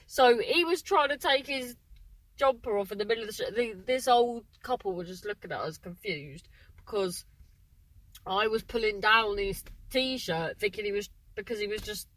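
Speaking at a normal speed with a medium pitch and fairly bright tone, a woman hosts a casual solo podcast. She rambles excitedly, keeps abandoning her sentences partway, and the recording is rough but free of echo.

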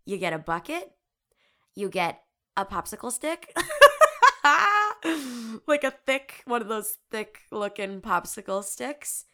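This is a woman in her early twenties hosting a casual podcast. She tells embarrassing stories about herself with a giggly, candid ease. Her voice is bright and forward, at an ordinary pitch for a woman. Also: animated, unhurried. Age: 20s. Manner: candid, giggly, self-deprecating storytelling. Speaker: podcast host. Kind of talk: casual chat.

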